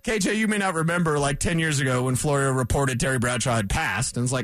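A man in his forties hosting a sports radio show, rambling and animated, correcting himself as he goes. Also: medium pitch, quick pace, no room sound. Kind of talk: casual sports talk radio monologue. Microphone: studio microphone.

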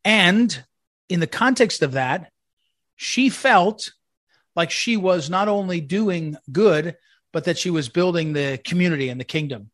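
A man's voice: sits high, animated, unhurried, a bit bright, no echo, studio quality. A man hosting a commentary segment, telling rambling, anecdotal stories in a eulogy style. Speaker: commentary host.

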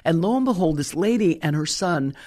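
A middle-aged woman preacher telling a story in a sermon, stressing key words slowly. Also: on the low side, lively intonation, darkish tone.

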